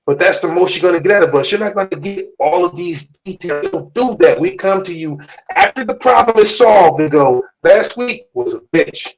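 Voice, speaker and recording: A man's voice: sits high, animated, fairly quick, lo-fi sound, faint music behind. A man hosting a live-stream talk show, speaking bluntly and preachily, with lots of swearing. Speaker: podcast host. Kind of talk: casual chat on a live stream.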